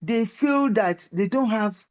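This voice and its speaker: A woman's voice: fairly high pitch, lively intonation, a little slow, a little mellow, lo-fi sound. A woman lecturer giving a university lecture and teaching through personal stories.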